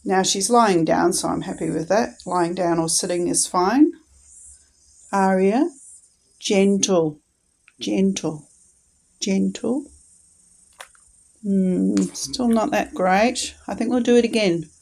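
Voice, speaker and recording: A woman in a casual instructional vlog, talking calmly and patiently and encouraging her dog as she trains it. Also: medium pitch, normal speed, gravelly, hardly any pauses, husky, rough recording.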